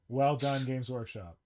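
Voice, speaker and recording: A man from Toronto, hosting a casual, joking chat show. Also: mid-range voice. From Toronto, Canada. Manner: joking, chatty. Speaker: podcast host.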